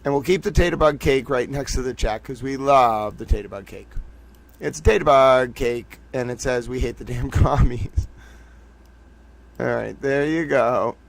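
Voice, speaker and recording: A man's voice: medium pitch, vocal fry. A man hosting a casual trivia livestream, playful and gushing as he chats with viewers. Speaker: livestream host.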